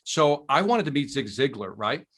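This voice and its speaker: A man telling a story as a guest on a podcast, animated and enthusiastic, in casual conversation. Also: medium pitch, normal speed. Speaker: podcast guest, sales trainer.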